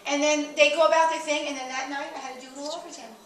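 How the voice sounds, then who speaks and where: Woman in her 30s, high bright voice, rapid animated storytelling, echoey room, far from the mic. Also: a little hiss or hum. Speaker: show co-host. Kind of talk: casual chat among friends.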